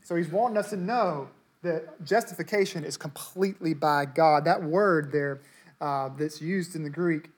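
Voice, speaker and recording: A man preaching a sermon to a congregation, conversational and emphatic, repeating words to stress his points. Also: fairly high pitch. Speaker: pastor.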